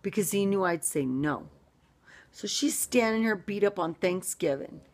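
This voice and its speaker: A woman's voice: medium pitch, lively intonation, unhurried. Fired-up middle-aged American woman, ranting vlogger, emphatic, voice swoops up and down. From United States. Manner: fired-up, emphatic, jumps between loud and hushed. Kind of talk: ranting vlog monologue.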